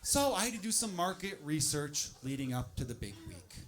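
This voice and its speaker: A man in his thirties doing a blunt, animated stand-up comedy set on a club stage, acting out his own exasperated inner voice. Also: a little high, normal speed, a crowd in the background. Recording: noisy live room with audience.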